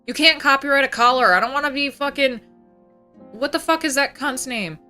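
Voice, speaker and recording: A young woman VTuber rants on her livestream in a heated, profane, casual way. Her voice sits a touch high and sounds bright and forceful. Faint music plays behind her. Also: brisk. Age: young adult. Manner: profane, heated ranting with mocking put-on voices. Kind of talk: casual ranting livestream chat.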